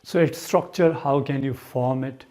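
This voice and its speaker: A man's voice: mid-range voice, a little slow, dark tone. A man teaching an English grammar lesson, drilling points by repeating them and answering his own questions.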